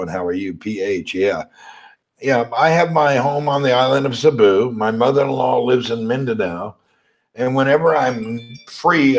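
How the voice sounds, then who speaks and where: A man from Tennessee with a Southern accent and a slightly hoarse, crackly voice, chatting casually on a livestream and reading viewer comments. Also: mid-range voice. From Tennessee, USA. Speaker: livestream host.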